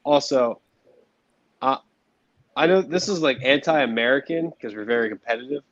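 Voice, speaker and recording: A man's voice: medium pitch, moderate pace, no echo. Blunt ranting man on dull dry audio. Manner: ranting, blunt, swears casually. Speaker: podcast panelist. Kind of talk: casual sports podcast chat. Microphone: video call.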